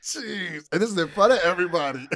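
A man's voice: sits high, animated, quick pace, fairly bright tone. A man co-hosting a podcast, reacting to a story with frequent interjections and laughs. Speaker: podcast co-host. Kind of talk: casual chat, reacting.

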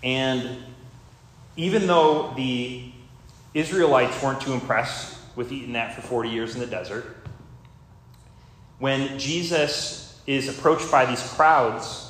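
A man's voice: mid-range voice, slow, long pauses, fairly bright tone. A man giving a conversational, loosely rambling sermon with plenty of asides. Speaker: preacher. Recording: very echoey room with faint ambient noise.

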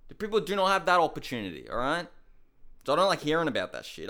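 A man's voice: a little high, wildly swooping pitch, fast, sharp tone. A young man giving a heated, incredulous rant on fighting news, swearing often. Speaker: MMA commentator. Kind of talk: ranting commentary to camera.

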